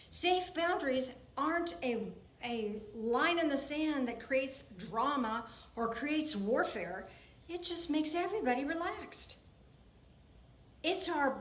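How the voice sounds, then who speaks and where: A woman minister giving an earnest, emphatic sermon in a church, often repeating her phrases for weight. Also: sits high. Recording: roomy church hall with faint ambience.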